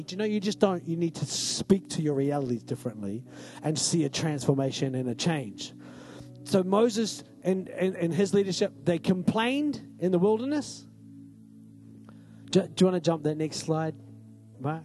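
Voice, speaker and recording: A man's voice: fairly high pitch, lively intonation, normal speed, darkish tone, faint music behind. A male pastor giving a conversational, emphatic sermon in a church and often asking the congregation "right?".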